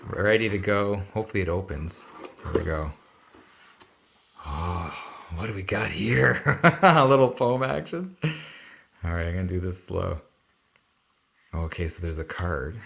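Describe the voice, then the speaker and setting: Excited man unboxing on camera. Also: lowish voice. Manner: excited and emotional, thanking viewers. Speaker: sports channel host. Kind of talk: casual unboxing vlog.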